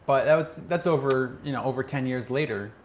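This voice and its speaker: A man's voice: mid-range voice, brisk, over a noisy crowd. Dry matter-of-fact male co-host. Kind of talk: casual chat.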